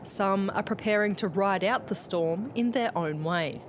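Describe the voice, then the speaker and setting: An Australian woman reporter narrating a news package in a steady voice-over. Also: mid-range voice, a little slow, background noise.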